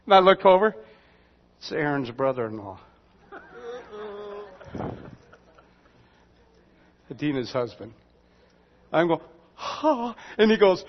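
A man's voice: high voice, very animated, takes it slowly, pauses often. A man preaching as a pastor, telling everyday stories in a folksy, conversational way with asides to the congregation. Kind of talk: storytelling sermon. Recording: dull lo-fi sound with long hall reverb.

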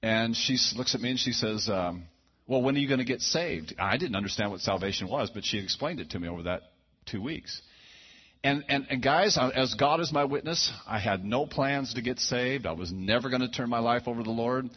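A man's voice: medium pitch, brisk, husky. A man preaching a sermon, telling a personal story in a folksy, conversational way full of asides and restarts. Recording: dull lo-fi sound.

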